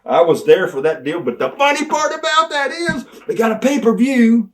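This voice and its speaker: An older man, telling animated, folksy stories as an interview guest and laughing along the way. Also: very high-pitched, normal speed. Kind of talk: storytelling in a sit-down interview.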